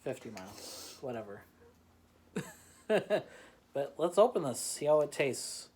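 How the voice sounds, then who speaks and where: A man's voice: medium pitch, lively intonation, normal speed. A man hosting a loose, chatty show from his home, rambling along and poking fun at himself. He laughs a lot. There is a faint hiss under his voice. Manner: rambling, self-deprecating, laughs often. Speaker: host. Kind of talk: casual beer-tasting chat. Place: home in the Chicagoland area.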